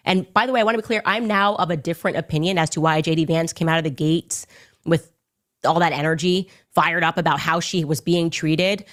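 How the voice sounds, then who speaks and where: Woman commentator, lower pitch, emphatic and accusing, speculative opinion delivery. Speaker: political commentator. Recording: clip from an online show.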